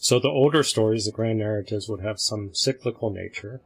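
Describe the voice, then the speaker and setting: A man's voice: fairly low pitch, brisk, vocal fry, breathy edge, low-quality recording. A man hosting an online group discussion, reflective and thinking aloud on a video call. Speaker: host.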